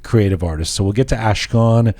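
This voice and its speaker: A man's voice: lowish voice, brisk, mellow, no room sound. A middle-aged man, hosting a podcast and bantering playfully with his team in the studio. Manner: teasing, playful. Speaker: podcast host.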